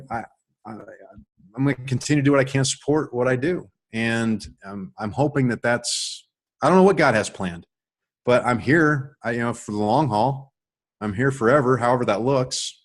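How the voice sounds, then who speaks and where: Man telling a personal story, rambling. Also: mid-range voice. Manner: rambling, animated storytelling with restarts. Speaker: author and guest on a call.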